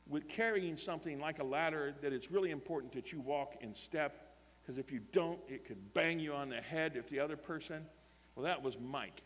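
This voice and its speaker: A man preaching a sermon, telling a story animatedly and acting out both sides of the dialogue. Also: fairly high pitch. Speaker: pastor. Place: camp meeting hall. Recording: long hall reverb.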